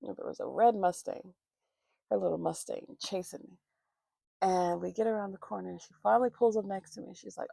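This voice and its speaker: Woman vlogger, heavy vocal fry, casual profane storytime, dry close mic. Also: medium pitch, fairly even intonation, a little fast, dark tone, no room sound. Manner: rambling, profane, acts out quoted voices. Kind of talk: casual storytime while doing makeup. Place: at home, morning makeup routine.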